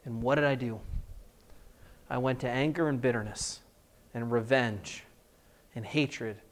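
A male preacher telling a personal story in a sermon, animated, with emphatic repetition. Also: medium pitch, unhurried.

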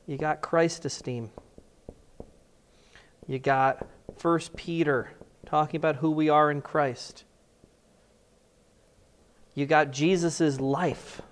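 A male preacher telling a personal story in a sermon, animated, with emphatic repetition. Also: a little high, slow, pauses often.

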